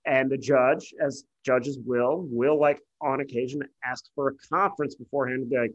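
A man co-hosting a podcast, a lawyer talking casually through a film, animated and sweary with long winding explanations. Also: medium pitch, moderate pace, highs cut off. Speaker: podcast co-host.

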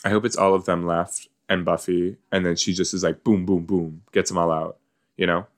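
A man's voice: sits low, level tone, normal speed. A man hosting a casual watch-along podcast, reacting chattily to a show with lots of likes and you-knows. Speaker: podcast host reacting to an episode.

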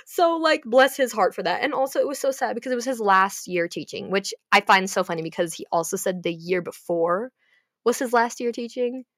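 A young woman in a casual, animated storytelling monologue as a podcast host, swearing freely and joking in heavy slang. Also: medium pitch, fairly quick, no echo, clean studio sound. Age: young adult.

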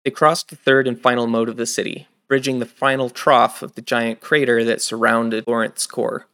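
In a smooth, medium-pitched voice at normal speed, a man delivers the plain narration between characters in a fantasy audiobook, keeping his scripted storytelling steady.

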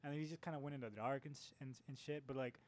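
A man's voice: medium pitch, steady tone, rapid-fire, darkish tone. A young man co-hosting a casual podcast, telling a rambling side story with a lot of likes. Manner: loose, chatty storytelling full of likes. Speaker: podcast co-host. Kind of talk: casual comedic chat.

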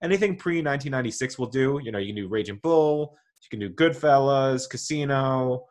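A man with a middle-pitched voice hosts a casual podcast monologue. He talks in a chatty, enthusiastic way, wanders off on tangents and stops to correct himself mid-sentence. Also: animated, brisk, a little mellow. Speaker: podcast host. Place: home with dogs nearby.

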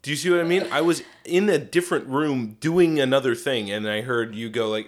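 A man's voice: mid-range voice, a little fast, few pauses. A young man co-hosting a podcast, chatting casually, swearing a lot and acting out what people said. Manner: animated, swears often, acts out quoted voices. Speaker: podcast co-host. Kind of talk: casual chat.

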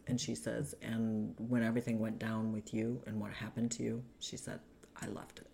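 Guest storyteller: woman, strikingly low and gravelly voice, chatty with lots of fillers, faint hiss. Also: flat delivery, normal speed, warm tone. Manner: chatty, many fillers, acts out quoted people. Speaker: guest telling her life story. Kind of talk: casual conversational storytelling.

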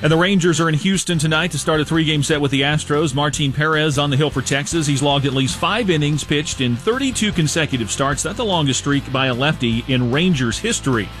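A man reading a scripted sports news update in a radio studio, in a brisk, even newsreader manner. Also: on the high side, faint music behind.

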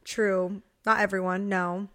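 A woman's voice: mid-range voice, level tone, slow, a bit bright. A young woman co-hosting a podcast, chatting casually and rambling with lots of "like" fillers. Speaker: podcast co-host.

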